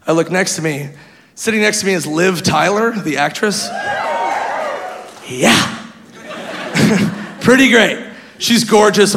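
High gravelly stand-up comic, live crowd. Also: male voice, fairly bright tone. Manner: brash, laughing at his own jokes. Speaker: stand-up comedian. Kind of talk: stand-up storytelling. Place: comedy club stage. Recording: live hall with a laughing crowd.

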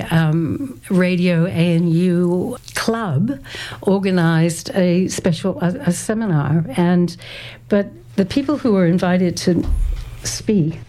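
Mellow woman in her sixties. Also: on the low side. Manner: thoughtful and hesitant, reads quotes aloud, laughs often. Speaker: interview guest, former community radio volunteer. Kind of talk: reminiscing interview talk.

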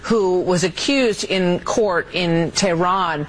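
A man's voice: high voice, slow pace, a bit bright, a little hiss or hum, poor audio. A man interviewing a guest and checking details with her. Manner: questioning, checking facts.

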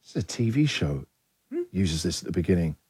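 A man's voice: sits low, fairly quick, slightly rough, no room sound, studio quality. A man hosting a radio show, bantering playfully and chuckling often as he talks. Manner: jokey, chuckles often, lively delivery. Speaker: radio host. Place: radio studio. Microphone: studio microphone. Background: music bed under the talk.

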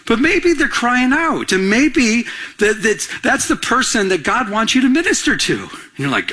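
Animated husky-voiced male pastor. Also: high voice, normal speed. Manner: animated, conversational, asks the congregation questions. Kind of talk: sermon.

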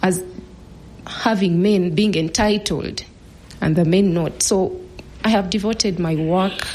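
Low-voiced woman telling her story. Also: slow pace, a little mellow. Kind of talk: personal storytelling talk.

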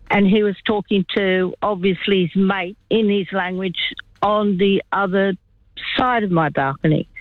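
A woman's voice: medium pitch, no echo. An older woman calls in to a radio show and tells a long story in a rambling, chatty way, with many asides. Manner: rambling, chatty, lots of "you know". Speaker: caller. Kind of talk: phone-in storytelling. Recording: tinny phone line.

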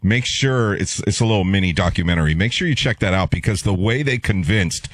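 Low-voiced male producer, relaxed, matter-of-fact, dry mic. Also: brisk, no room sound. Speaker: radio producer and call screener. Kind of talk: casual radio chat.

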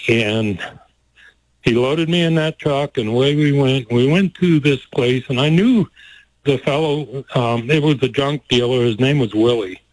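A man's voice: mid-range voice, a little slow, dry recording, poor audio. An older man telling a story from his youth in a folksy way, laughing often and getting emotional. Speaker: guest telling a life story. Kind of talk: personal storytelling.

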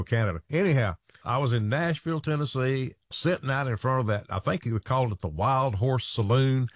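Radio host, male, folksy yarn-spinner, mid pitch, dead-dry booth. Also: no room sound. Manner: folksy storytelling. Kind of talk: casual radio chat.

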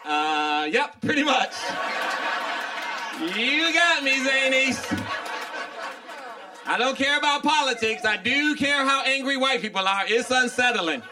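A man's voice: very high voice, expressive, measured pace, pauses often, bright, forceful tone, a faint crowd. A man doing a stand-up set in a comedy club, teasing and provoking the audience.

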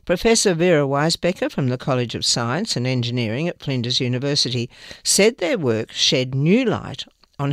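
Man, news reader, lively pitch, dry close sound. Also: moderate pace, dry recording. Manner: plain, careful reading with small slips. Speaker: newspaper reader. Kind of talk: reading news articles aloud.

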